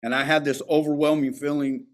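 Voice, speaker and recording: Brief: man, fairly high voice, blunt, streetwise, swears freely, recovery-meeting share. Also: little pitch movement, fairly quick. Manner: candid, profane, streetwise storytelling. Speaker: speaker at a recovery alumni meeting. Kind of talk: personal recovery testimony.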